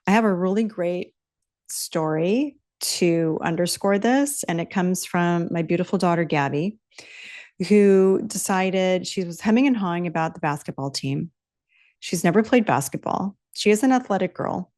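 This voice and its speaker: A woman's voice: fairly low pitch, a little mellow. Mid-fifties woman podcasting solo, punchy and profane, says stuff twice for emphasis. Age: 50s. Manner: emphatic, blunt and profane, repeating key phrases. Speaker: podcast host. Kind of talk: solo motivational podcast talk.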